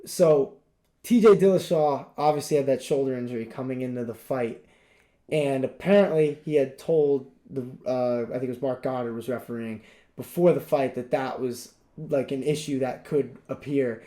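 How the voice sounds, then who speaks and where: A man's voice: mid-range voice, normal speed, dark tone. A young man co-hosting a podcast, talking in a rambling, emphatic casual way with lots of fillers. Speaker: podcast co-host. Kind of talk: casual chat.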